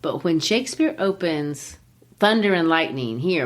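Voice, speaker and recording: Woman host breaking down a play, teacher vibes, lots of "you know", lowish voice. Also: normal speed. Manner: lively teacherly explaining, says "you know" often. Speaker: podcast host and literature teacher. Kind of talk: explanatory podcast discussion.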